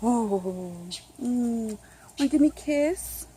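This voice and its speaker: High-voiced chatty young mom vlogging. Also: female voice, expressive, slow, warm tone, slightly rough. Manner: chatty, rambling with many fillers, laughs often, coos at her children. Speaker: vlogger and mother. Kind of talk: casual home vlog. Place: outdoors at home. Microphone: handheld camera, filming one-handed.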